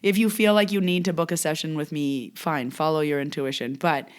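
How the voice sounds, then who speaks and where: A woman's voice: deep voice, steady tone, fairly quick, clear, resonant tone. A woman hosting her own podcast, casually telling a story about a client in a chatty way, full of fillers, and acting out what people said. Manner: chatty, filler-heavy, acts out quoted dialogue. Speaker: podcast host and Reiki practitioner. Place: lives in a Canadian mountain town.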